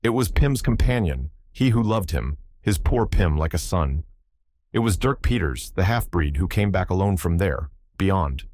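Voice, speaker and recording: A man voicing a hoarse, rough-spoken sailor who talks in halting, broken phrases and keeps begging to be understood. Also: sits low, animated, a little mellow, no room sound, clean studio sound. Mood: insistent. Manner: repeats himself, pleads to be understood. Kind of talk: audiobook character voice.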